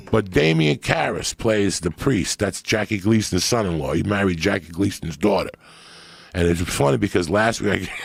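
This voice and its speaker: A man on a podcast, telling a story in a profane, animated way that swings from hushed and low to loud and excited. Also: gravelly, dry recording. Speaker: podcast guest.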